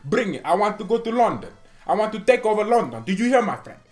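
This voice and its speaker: A man puts on a brash billionaire club owner with an exaggerated Russian accent. He shouts high and loud, bossing everyone around. The pitch leaps up and down with every order. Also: sing-song, quick pace. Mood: bossy, shouting.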